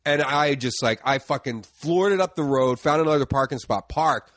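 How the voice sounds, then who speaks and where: A man's voice: medium pitch, moderate pace, fairly bright tone, no echo, studio quality. A middle-aged man, a comedian guest, talking in casual chat, laid-back and trailing off into fillers, with some swearing. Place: indoor studio room.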